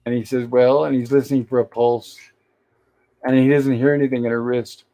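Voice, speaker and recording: A man's voice: medium pitch, little pitch movement, a little fast, warm tone. A man hosting a show, casually retelling an old TV episode scene by scene. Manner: acts out quoted lines while recapping, chatty. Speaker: host.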